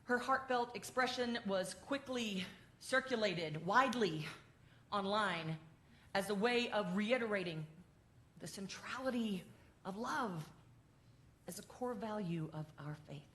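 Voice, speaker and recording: A woman minister giving an animated, heartfelt address to her congregation and quizzing them along the way. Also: mid-range voice, unhurried. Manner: animated, quizzes the congregation, grows tender and emotional. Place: church sanctuary. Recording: echoey sanctuary.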